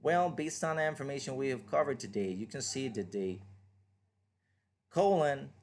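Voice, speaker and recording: A man's voice: medium pitch, lively intonation, normal speed. A man whose first language is Spanish, teaching an online English reading lesson in a patient, explanatory way and asking the listener questions. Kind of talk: online lecture.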